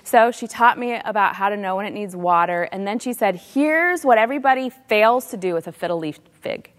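A middle-aged woman telling a heartfelt personal faith story as a Christian speaker, at times dropping to soft hushed tones. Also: medium pitch, lively intonation, a little fast. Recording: long hall reverb.

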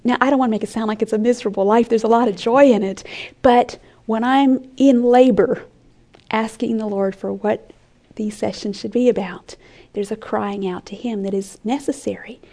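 A woman giving an earnest sermon-style Bible teaching, often dropping her voice to a soft whisper for emphasis. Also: fairly high pitch, fairly even intonation, normal speed. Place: conference room with an audience.

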